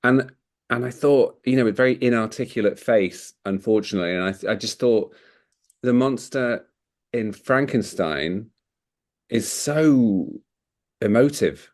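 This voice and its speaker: Speaking unhurriedly in a medium-pitched, expressive and slightly mellow voice, this podcast co-host chats loosely about a movie, wandering off track and laughing a lot.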